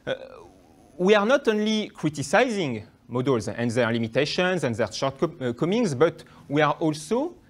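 A man's voice: a little high, big pitch swings, moderate pace. French-accented young man giving a talk. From France. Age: young adult. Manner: hesitant, many fillers and restarts. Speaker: guest lecturer. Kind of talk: academic talk.

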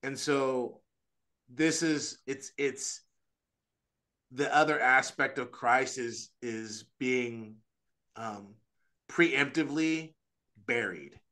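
A man speaking as an Orthodox priest on a podcast, earnest and animated, with frequent restarts and quick asides. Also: medium pitch. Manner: earnest, animated, acts out quoted voices. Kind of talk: casual religious discussion.

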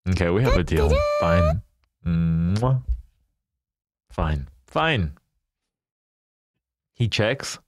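A man chats with his live audience in a relaxed, teasing way, laughing easily. His delivery is unhurried, with lively ups and downs in pitch. The sound is dry, with no room echo. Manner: playful, teasing, laughs often. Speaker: livestreamer. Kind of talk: casual chat with viewers.

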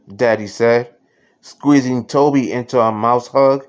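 A man reading a children's picture book aloud at a slow, measured pace. His voice sits in an ordinary middle pitch, unhurried from line to line. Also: steady tone. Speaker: storyteller.

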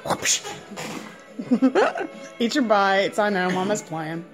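A young woman at home feeding her son, filmed on a phone, switching between soft murmured questions and high cheerful praise. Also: takes it slowly, music in the background. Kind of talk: casual home video chat.

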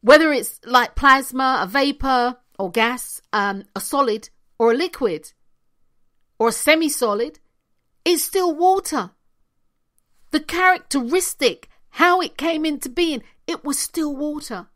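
A woman speaks slowly and deliberately in a fairly high voice, delivering a motivational talk straight to her viewers. She presses her points by repeating them and sometimes sinks almost to a whisper. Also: animated, a bit bright. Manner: emphatic, repeats key phrases, drops to near-whispers. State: hiccuping. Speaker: spiritual coach.

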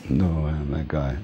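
An older man interviewed as a music manager, telling relaxed stories and often laughing and saying "man". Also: rumbling low, muffled recording. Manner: relaxed, reminiscing, often says "man", laughs between points. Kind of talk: casual storytelling interview.

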